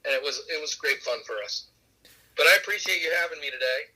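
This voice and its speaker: A man recounts his career in an easygoing, anecdotal way, often pausing on fillers and chuckling along. His voice is strikingly bright with a husky grain to it, and it comes over a remote call line. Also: fairly high pitch, poor audio. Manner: warm anecdotal, laughs along, many fillers. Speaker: musician guest. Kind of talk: relaxed storytelling interview.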